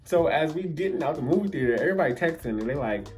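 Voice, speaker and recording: A man telling a funny story in a storytime vlog, animated and acting out the voices of the people in it. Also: on the high side, quick pace, soft background music.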